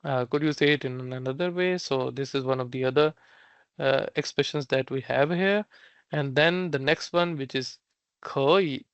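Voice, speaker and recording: A man teaching Mandarin phrases in an online lesson, explaining each word slowly with many fillers and restarts. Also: mid-range voice, clear, resonant tone, dry recording, lo-fi sound.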